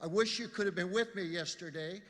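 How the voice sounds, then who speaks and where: Man, formal acceptance speech, earnest, measured pace, high bright voice, long hall reverb. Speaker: college representative accepting award. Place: large event hall.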